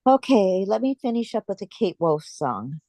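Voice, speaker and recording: A woman's voice: medium pitch, big pitch swings, normal speed, dark tone, no room sound. A woman musician on a radio show, chatting in a friendly way as she introduces her songs. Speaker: guest musician. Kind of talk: casual radio chat between songs.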